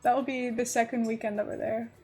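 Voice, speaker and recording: A woman's voice: fairly high pitch, level tone, fast talker, a little mellow, husky, soft background music. A young adult woman streaming, chatting casually and giggling as she rambles to her viewers while she builds. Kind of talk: casual live-stream chat.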